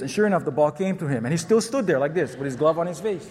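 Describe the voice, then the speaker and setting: A man's voice: fairly high pitch, racing, big-room sound, a little hiss or hum. A middle-aged man, a pastor, preaching a sermon in a church, telling stories animatedly and acting out the people in them. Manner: animated storyteller, acts out shouts and kids' voices. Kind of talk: sermon with storytelling.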